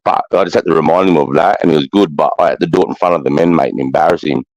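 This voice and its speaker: A man's voice: extremely low pitch, very fast, darkish tone, no room sound, highs cut off. A middle-aged Australian man, a former army sergeant, telling war stories in casual chat, bluntly and with constant swearing. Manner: blunt, heavy swearing, keeps adding "mate".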